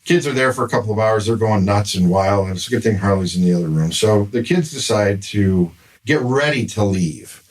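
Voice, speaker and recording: A man's voice: lowish voice, expressive, a little fast. An older man, a grandfather, telling a long exasperated story in casual podcast chat. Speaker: podcast guest. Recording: somewhat distant mic with faint noise.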